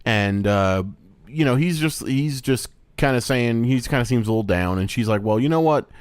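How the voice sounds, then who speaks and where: A man co-hosting a podcast in casual chat, lively, who now and then mimics voices in a high squeal. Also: normal speed, clean tone, no echo. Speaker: podcast co-host.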